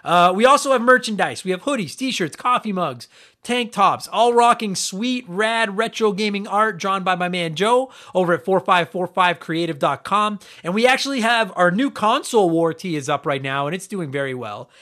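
A man's voice: high-pitched, moderate pace. A young man hosting a retro gaming podcast, chatting casually with jokes and plenty of swearing. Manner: energetic, swearing, joking asides. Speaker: podcast host. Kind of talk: casual profane podcast chat.

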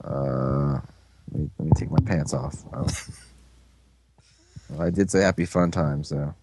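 A man's voice: a bass voice, measured pace, noisy background. A young man co-hosting a casual recap podcast, rambling and crude with a sarcastic edge. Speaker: podcast co-host.

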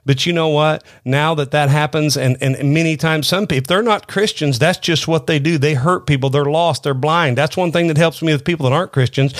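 A man's voice: fairly high pitch, fairly quick, few pauses, dry recording, clean studio sound. A middle-aged man preaching a sermon, earnest, often repeating words and restarting his sentences. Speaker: pastor. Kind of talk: sermon-style teaching.

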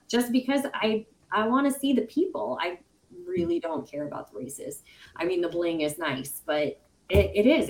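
A woman's voice: on the low side, poor audio. Chatty woman podcast co-host. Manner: chatty, animated storytelling with laughs. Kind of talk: casual chat.

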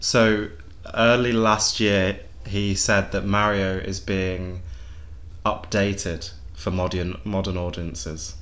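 Low-voiced man, chatty host. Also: flat delivery, slow pace, fairly bright tone. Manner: rambling, repeats words while gathering thoughts. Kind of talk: casual chat.

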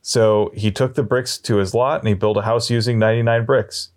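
A man telling long shaggy-dog jokes in a deadpan way, slowing down and pausing as he builds them up. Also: fairly low pitch. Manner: deadpan, drawn-out storytelling with slow pauses. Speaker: storyteller.

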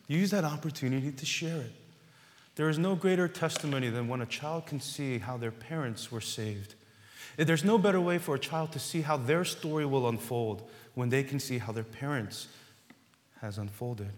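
A man preaching a sermon as pastor, earnest and repetitive, building to loud emphasis on key words. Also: mid-range voice, lively intonation, normal speed, big-room sound.

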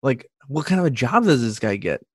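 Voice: mid-range voice, sing-song, fairly quick, slightly rough, dry recording, clean studio sound. A podcast co-host in a casual chat, speaking hesitantly and stopping often to restart. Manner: hesitant, full of fillers and restarts.

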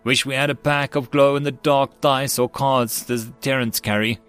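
A man's voice: medium pitch, steady tone, normal speed, fairly bright tone, clean tone, soft background music, lightly acted. A man voicing a male alien tank commander who gives curt orders, in an audiobook. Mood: commanding.

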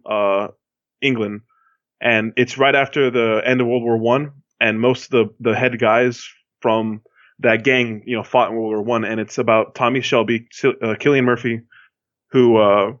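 A man from Miami chats casually as a podcast co-host. He rambles, full of fillers and restarts. His voice sits at an ordinary middle pitch and comes through a dull, lo-fi recording. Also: a bit bright, no echo. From Miami, Florida. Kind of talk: casual chat. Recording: dull lo-fi sound.

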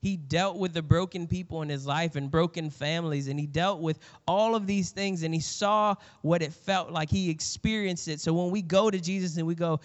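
A man's voice: a little high, normal speed, hardly any pauses. Earnest preacher man in a big hall. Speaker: pastor. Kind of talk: sermon. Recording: reverberant hall, slightly dull sound.

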